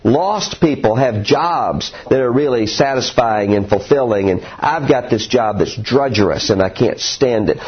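A man's voice: medium pitch, breathy edge. A man preaching a sermon in an earnest, storytelling way, recorded dull and lo-fi. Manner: earnest, animated storytelling with acted quotes.

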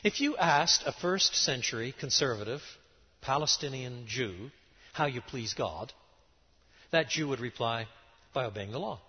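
A middle-aged man preaching a lecture-style sermon, emphatic and animated, with sudden rises and drops in his voice. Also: mid-range voice, unhurried, slightly rough. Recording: dull sound in a large reverberant hall.

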